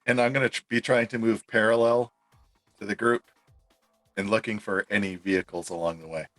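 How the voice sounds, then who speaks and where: A man playing in a casual tabletop game, excitable and laughing easily. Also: fairly low pitch, fairly quick, no echo, soft background music. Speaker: player.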